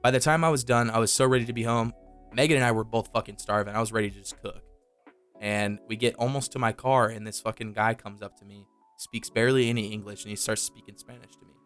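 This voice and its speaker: A man's voice: fairly low pitch, fairly even intonation, fast talker, a bit bright, clear, resonant tone. A young man chats loosely on a podcast, swearing often as he spins his story. A faint bed of music plays beneath his voice. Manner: loose storytelling with frequent profanity. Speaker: podcast co-host. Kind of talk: casual chat.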